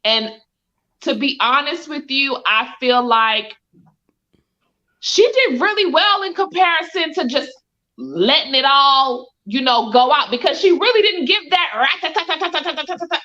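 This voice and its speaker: Thoughtful woman, high bright voice, lo-fi. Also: sing-song. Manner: measured, thoughtful commentary with repeated "I think". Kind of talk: casual chat. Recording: dull lo-fi sound.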